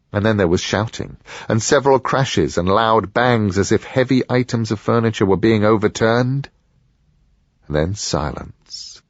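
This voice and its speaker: A man narrating an audiobook in a measured storytelling manner. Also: fairly low pitch, dry recording, lo-fi sound.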